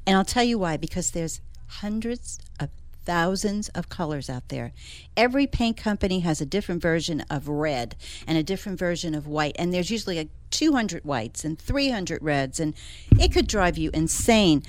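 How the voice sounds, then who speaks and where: A woman's voice: lowish voice, expressive, normal speed, dry recording. A woman who works as an interior designer, chatting casually and with enthusiasm as a regular on a talk show. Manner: chatty, enthusiastic, laughs often. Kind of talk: casual radio chat.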